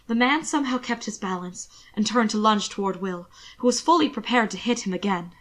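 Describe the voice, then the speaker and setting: Woman, fan fiction narrator, measured, expressive, mid pitch. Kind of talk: reading fan fiction aloud.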